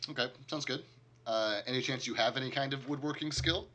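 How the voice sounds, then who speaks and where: A man's voice: mid-range voice, fairly quick, sharp tone. A man narrating a tabletop game as game master, loose and chatty with lots of filler words. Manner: casual, heavy use of filler "like".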